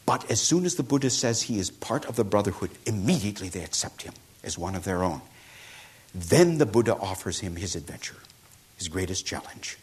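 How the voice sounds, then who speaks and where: A man's voice: fairly low pitch, expressive, moderate pace, husky. A man giving a storytelling talk, hesitant, with many fillers and self-corrections. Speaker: speaker.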